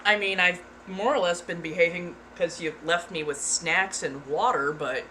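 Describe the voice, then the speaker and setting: A woman's voice: fairly low pitch, a little slow, background noise. A woman streamer chatting casually, frank and giggly, sometimes putting on playful voices. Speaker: ASMR streamer. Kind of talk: casual chat.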